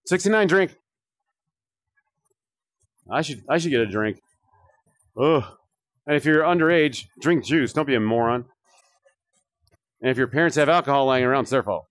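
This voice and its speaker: A man's voice: mid-range voice, a little fast, long pauses, dry recording, studio quality. Rambling, swearing male game streamer. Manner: joking, rambling, swears often. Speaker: streamer playing a VR shooter. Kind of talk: casual live-stream commentary.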